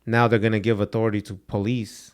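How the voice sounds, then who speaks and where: A man's voice: on the low side, level tone, fast, smooth. A young man co-hosting a podcast, telling stories in loose, slangy talk with "dude" and Spanish words mixed in. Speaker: podcast co-host. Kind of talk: casual podcast chat.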